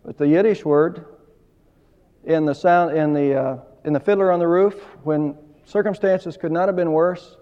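High-voiced preacher man in an echoing hall. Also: steady tone, normal speed. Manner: emphatic preaching, rising and falling in volume. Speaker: pastor. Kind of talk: sermon. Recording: dull lo-fi sound with long hall reverb.

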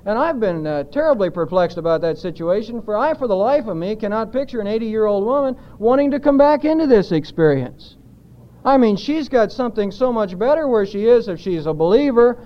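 High-voiced preacher on a dull, lo-fi recording. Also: male voice, lively intonation, a little fast. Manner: emphatic, asks the congregation rhetorical questions. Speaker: pastor. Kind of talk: expository sermon.

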